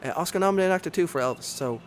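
A man's voice: high voice, expressive, very fast, slight background noise. A man co-hosting a casual movie chat, enthusiastic and rambling, with many ums and uhs. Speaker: podcast co-host.

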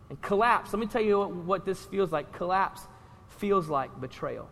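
A male pastor with a high, bright, ringing voice delivers an animated, conversational sermon. He keeps checking in with his listeners. The sound carries a long reverb from a large church hall. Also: normal speed, vocal fry. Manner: animated, conversational preaching with asides to the congregation.

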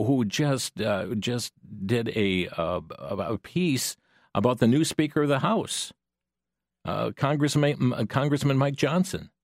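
A man's voice: lowish voice, no room sound, studio quality. A man hosting a Christian radio program, speaking earnestly in a preaching commentary style with frequent hesitations. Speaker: radio host.

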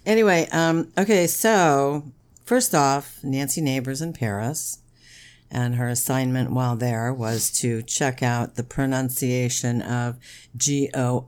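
A woman's voice: extremely low pitch, a little mellow. A middle-aged woman co-hosting a podcast with her son, chatting casually, teasing and laughing often. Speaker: podcast co-host. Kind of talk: casual chat.

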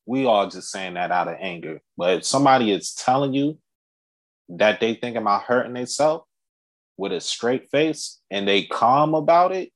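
A man's voice: medium pitch, expressive, normal speed. A man, laid-back and full of street slang. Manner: laid-back street slang, frequent "you know what I'm saying". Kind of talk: casual podcast talk.

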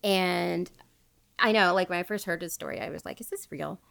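A woman's voice: on the low side, steady tone, normal speed, vocal fry, fairly bright tone, smooth. A woman hosting a casual podcast, retelling a true crime story in a chatty way and laughing often. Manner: chatty, laughs often, quotes people as she tells.

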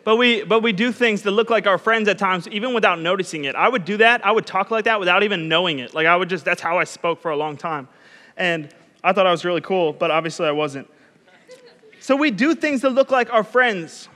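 A man's voice: high-pitched, brisk, sharp tone, in a large hall. A young man preaching as a youth pastor, chatty and self-deprecating, telling stories. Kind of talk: sermon.

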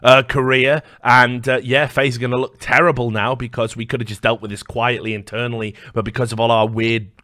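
A man's voice: medium pitch, bright, forceful tone, dry recording, clean studio sound. A man reacting to a video on a live stream, mocking and sarcastic, swearing often.

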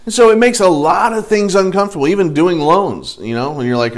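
A man teaching a bible study to a group in a church room, lively, acting out the people in the passage as he reads. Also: fairly high pitch, fast talker. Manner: lively, acts out the speakers in the text. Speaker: pastor.

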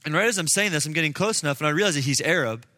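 Young man in his twenties, fairly high, bright voice, informal preaching with lots of "like", long hall reverb. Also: animated, very fast. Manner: casual, earnest, uses many fillers. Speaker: speaker addressing a group. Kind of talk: personal testimony and preaching. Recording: long reverb in a large room.

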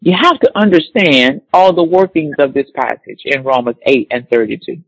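A man preaching a sermon, reading scripture slowly and repeating key words for emphasis. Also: mid-range voice, gravelly, a bit bright, no room sound, rough recording.

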